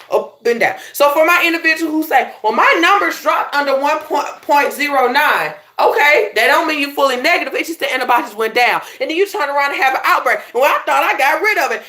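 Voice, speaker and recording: Woman, Belizean accent, life coach, lively pitch, preachy direct address. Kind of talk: motivational talk to viewers.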